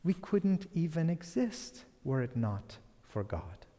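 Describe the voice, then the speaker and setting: Brief: male lecturer, slow, mellow, hushed phrase endings, long hall reverb. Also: on the high side, very animated. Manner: soft and deliberate, trailing into near-whispers. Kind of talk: public lecture.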